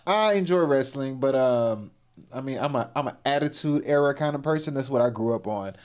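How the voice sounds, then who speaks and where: A man's voice: medium pitch, animated, a little fast, a little mellow. A man hosting a livestream, giving casual, exclamatory reaction commentary and laughing often. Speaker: livestream host.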